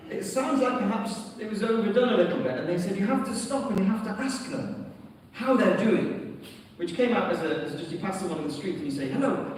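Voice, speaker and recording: A British man with a high-pitched voice preaches in a large church hall, telling stories with light humour. He is recorded from far off, so the hall sounds echoey, with slight background noise.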